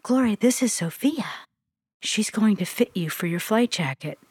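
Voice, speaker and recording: A woman's voice: mid-range voice, animated, normal speed, darkish tone, husky, dry recording, studio quality. A woman voicing a caring female mentor bee who talks in an insistent, coaxing way. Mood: urgent.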